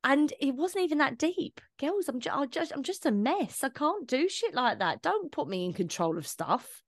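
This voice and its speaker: A young woman co-hosting a podcast in casual chat, animated and sweary, laughing often and restarting her sentences. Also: high voice, normal speed, dry recording, studio quality. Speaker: podcast co-host.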